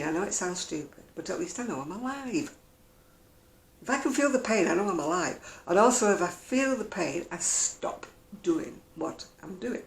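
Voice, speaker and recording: A woman's voice: medium pitch, animated, normal speed, creaky, reverberant. A woman chatting casually in a home vlog, wry and talkative. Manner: chatty, wry, mimics other people's voices. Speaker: vlogger. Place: at home, indoors.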